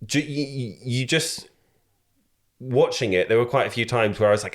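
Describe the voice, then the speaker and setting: A man's voice: mid-range voice, normal speed. A man hosting a podcast, rambling casually with lots of fillers and restarts. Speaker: podcast host. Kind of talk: casual chat.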